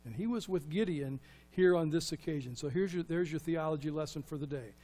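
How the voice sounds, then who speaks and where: Preacher, man, high-pitched, animated delivery that swings loud to soft. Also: fairly quick. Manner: animated, asks the congregation rhetorical questions, swings from loud to hushed. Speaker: pastor. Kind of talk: sermon.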